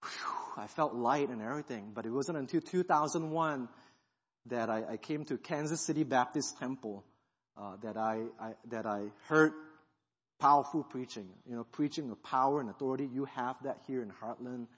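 A guest pastor, a man, giving an animated sermon testimony and acting out the thoughts he is retelling. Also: mid-range voice, moderate pace, slightly rough. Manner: animated storytelling, acts out quoted thoughts. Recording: dull sound in a reverberant hall.

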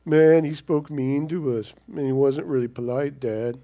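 A man's voice: medium pitch, moderate pace, dark tone, close to an everyday voice. A man voicing a group of frightened grown brothers who whine in alarm. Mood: whining. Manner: whiny, alarmed.

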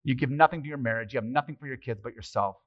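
A middle-aged man preaching a casual, conversational sermon as pastor, animated and joking, throwing rhetorical questions at the congregation. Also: medium pitch, rapid-fire. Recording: slightly muffled, dry sermon recording.

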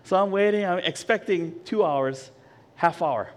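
A middle-aged man preaching a casual sermon, telling a personal story in a chatty, animated way with frequent check-ins to the congregation. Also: sits high, unhurried. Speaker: pastor.

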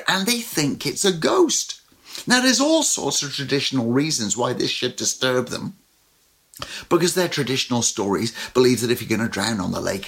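A male pastor preaching a sermon, telling the story with animated swings between loud and soft. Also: a little high, gravelly, slightly rough.

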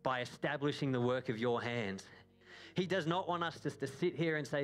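Earnest preacher man, soft music behind. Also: mid-range voice, moderate pace. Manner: earnest, urging, quotes scripture and acts out prayers. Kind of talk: sermon.

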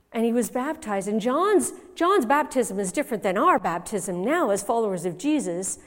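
Woman telling a story in a hall. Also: mid-range voice. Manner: expressive storytelling, swinging from hushed to loud. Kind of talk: first-person dramatic monologue as a biblical mother. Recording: long reverb in a large hall.

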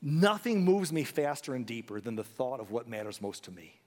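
A pastor in a church sanctuary delivers an earnest, pleading appeal to his congregation. His mid-range voice is sing-song and slightly dark, at a moderate pace, with long hall reverb.

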